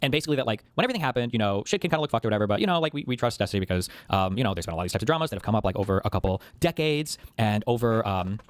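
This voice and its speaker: Man, streamer, rapid-fire talker, agitated profane rant, dry close sound. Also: fairly low pitch, expressive, dry recording. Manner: heated, agitated. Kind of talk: casual chat.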